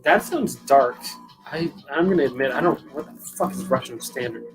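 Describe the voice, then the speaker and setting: A young man hosts a casual live stream, rambling to his viewers with plenty of swearing and self-deprecating asides. His voice sits at an ordinary middle pitch. Music plays clearly behind him. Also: animated, moderate pace, low-quality recording. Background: music playing.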